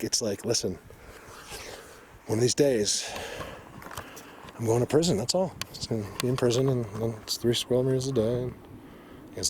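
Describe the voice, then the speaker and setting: A man's voice: on the low side, a little mellow, slight background noise. A man vlogging outdoors in the woods, talking to the camera in an emotional, rambling way with frequent restarts. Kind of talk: excited hiking vlog to camera.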